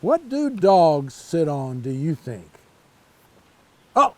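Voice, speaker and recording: An older man reading a children's picture book aloud, pausing to chat about the pictures. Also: high voice. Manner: slow, lively storytelling with asides about the pictures. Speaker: storytime reader.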